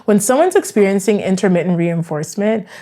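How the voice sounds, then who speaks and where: A woman's voice: mid-range voice, expressive, a little fast, mellow. A woman therapist explaining in a chatty, conversational way. She often checks in with the listener by asking "right?". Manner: chatty, acts out both sides of dialogues.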